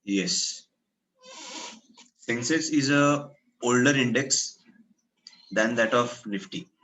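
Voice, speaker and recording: A man's voice: medium pitch, slow pace, fairly bright tone, a little hiss or hum, rough recording. A man with an Indian English accent teaches a class. He puts questions to his students, then walks through the idea step by step, switching into Hindi now and then. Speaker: lecturer. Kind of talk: classroom lecture.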